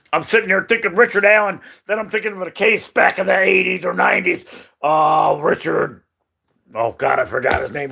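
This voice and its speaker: A man with a piercing, forceful voice and a raspy edge, often nearly shouting. He hosts his own channel and rambles through his opinions off the cuff, hammering the same points and fumbling for names. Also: sits high. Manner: emphatic, rambling, repeats himself, gropes for names. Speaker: channel host. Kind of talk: unscripted opinion monologue.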